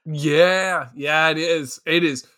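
A man co-hosting a podcast, chatting about a movie in an animated, excitable way with frequent laughter. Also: fairly high pitch, slow. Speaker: podcast co-host. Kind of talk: casual movie recap chat.

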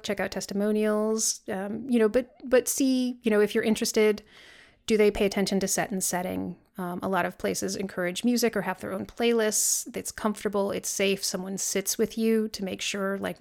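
A woman's voice: mid-range voice, gravelly. A woman co-hosting a podcast, talking earnestly and casually with frequent fillers. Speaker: podcast co-host. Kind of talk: casual chat.

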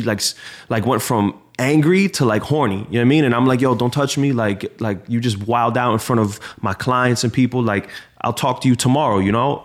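A man, a DJ and radio host, rambling through a story in casual chat, full of slang and "bro". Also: medium pitch.

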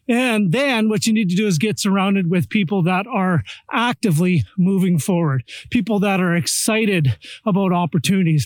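A man giving a punchy, energetic motivational pep talk as a real estate investing coach, full of rallying catchphrases. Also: high voice, no echo, studio quality. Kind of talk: motivational monologue.

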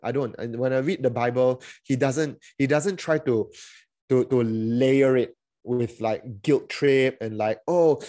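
A man preaches a sermon as a pastor, chatty and full of fillers, restarts and little acted-out quotes. His voice sits in an ordinary middle pitch and the recording is dry and close, with no room sound. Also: steady tone, measured pace, mellow, no room sound.

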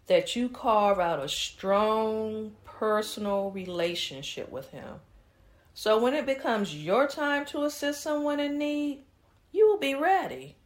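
Devout churchgoing wife, gentle and unhurried, woman actress, drawling church talk with hums and hallelujahs. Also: on the high side. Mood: earnest. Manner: slow, sing-song churchy speech, frequent "mm" and "hallelujah". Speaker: minister's wife in audio drama. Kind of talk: audio drama acting.

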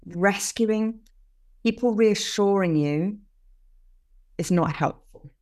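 An older woman, a podcast guest explaining things earnestly with lively emphasis in casual conversation. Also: medium pitch, slow.

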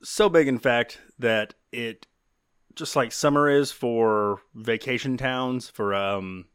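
A man's voice: medium pitch, slow, fairly bright tone, clean tone, no room sound, studio quality. A man co-hosting a casual chat show, joking and laughing often. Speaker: podcast co-host.

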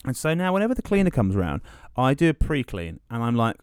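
A young man chats on a podcast, spinning animated stories with plenty of swearing. His pitch swings up and down as he talks. The sound is close and dry. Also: fast, smooth, no room sound. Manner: animated storyteller, swears freely. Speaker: podcast host. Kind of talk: casual banter. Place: home studio.

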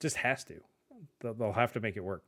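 A middle-aged man hosting a casual tech podcast, laid-back and often trailing off quietly at the ends of sentences. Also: fairly low pitch, a little fast. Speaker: podcast host.

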